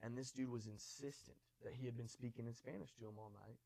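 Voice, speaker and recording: Casting: quick, animated young male guest, storytelling chat. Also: medium pitch, vocal fry. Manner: animated storyteller, acts out quoted voices. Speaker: podcast guest. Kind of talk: casual storytelling.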